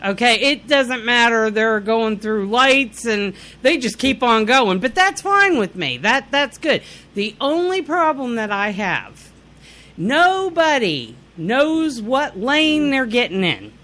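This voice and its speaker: A woman co-hosting a podcast, telling a story in casual chat, animated and laughing often, breaking into shouts when she quotes herself. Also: on the high side, slow. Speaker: podcast co-host. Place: lives in Indiana.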